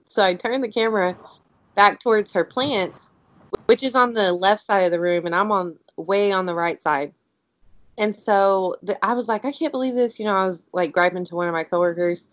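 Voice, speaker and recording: A woman co-hosting a podcast, telling a story in a casual, animated way and saying "like" a lot. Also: mid-range voice, no echo. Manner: animated, excitable storyteller, heavy use of "like". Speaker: podcast co-host. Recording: dry, dull lo-fi audio.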